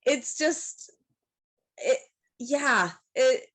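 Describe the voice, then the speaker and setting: Slow-talking, higher-voiced woman. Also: animated, fairly bright tone. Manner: unhurried, halting, with frequent laughs. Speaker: podcast co-host or guest. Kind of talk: casual chat.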